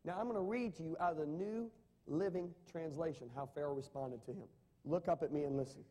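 A man's voice: on the high side, fairly quick, dark tone. A man preaching a sermon, asking the congregation rhetorical questions and reading scripture with rising emphasis. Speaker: pastor.

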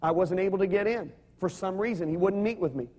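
A man's voice: high voice, fast, a little mellow. A man preaching a sermon, telling stories animatedly and having the congregation repeat his words. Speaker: pastor.

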